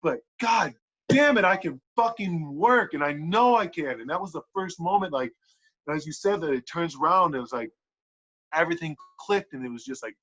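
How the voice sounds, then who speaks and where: A man on a podcast telling a wrestling story in casual, animated talk, swearing a lot and filling with "like". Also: on the high side, normal speed, husky. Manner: animated, profane, lots of "like" fillers. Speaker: podcast guest, pro wrestler. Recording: dull lo-fi podcast audio.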